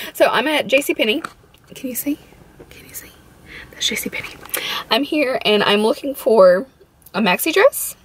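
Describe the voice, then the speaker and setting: A woman vlogging casually into her phone, chatty and gushing with excitement. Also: medium pitch, a little hiss or hum, low-quality recording. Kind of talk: casual vlog chat.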